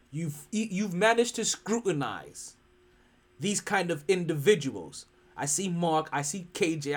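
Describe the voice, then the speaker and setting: A sports podcast host delivers a casual, profane rant, jumping between loud bursts and hushed, mock-apologetic asides. The pitch swings widely and the pace stays unhurried and drawn out.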